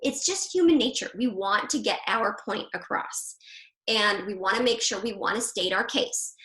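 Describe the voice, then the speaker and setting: A woman hosting a women's group on a video call, talking in a casual, animated way and laughing easily. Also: mid-range voice. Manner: chatty, animated, quick to laugh. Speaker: Christian marriage coach hosting a women's group. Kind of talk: casual live online coaching talk. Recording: roomy echo.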